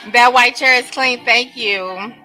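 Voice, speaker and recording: A woman hosting a casual live stream from her bedroom, greeting chat viewers by name in drawn-out hellos, sniffling now and then. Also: a little high, pushed and bright, poor audio. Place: home bedroom.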